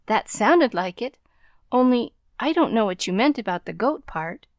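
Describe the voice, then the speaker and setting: A woman's voice: on the high side, lively intonation, normal speed, no room sound. A woman voicing an eager, earnest young girl who speaks politely and literally.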